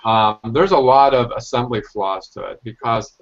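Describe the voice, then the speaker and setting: Halting man on a lo-fi video call. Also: medium pitch. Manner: rambling, halting with many fillers and restarts. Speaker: hobbyist scale modeler on a video hangout. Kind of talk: casual chat. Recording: dull lo-fi video call audio.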